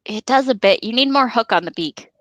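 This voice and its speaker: Woman podcast co-host, fairly high voice, giggly and joking, reads aloud, dry close sound. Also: expressive, a little fast, fairly bright tone, dry recording, low-quality recording. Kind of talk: casual chat and reading aloud.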